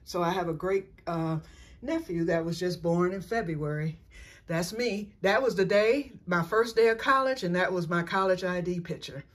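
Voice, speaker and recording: In her personal vlog, a middle-aged woman chats at a moderate pace in a fairly low voice. She's a rambling, self-correcting storyteller with a folksy way of talking, saying "y'all."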